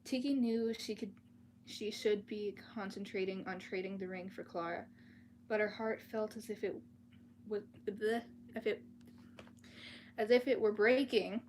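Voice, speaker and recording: A woman's voice: mid-range voice, unhurried, long pauses, a little mellow. Casual livestream storyteller, woman, mid-range voice, reads a fantasy novel, faint room noise behind her. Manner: casual, chatty, restarts words and apologizes. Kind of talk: live-streamed book reading with chat asides. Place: at home, dogs outside the door.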